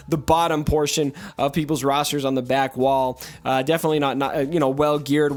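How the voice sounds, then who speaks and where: High-voiced man, playfully dramatic gaming host. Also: a bit bright. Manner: playfully dramatic, mock-mournful. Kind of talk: casual gaming commentary.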